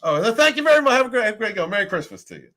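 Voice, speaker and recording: A man's voice: sits high, very animated, very fast, pushed and bright, voice pushed up, full character voice. A man voicing a polite, sweet older woman collecting for charity, in a gushing tone.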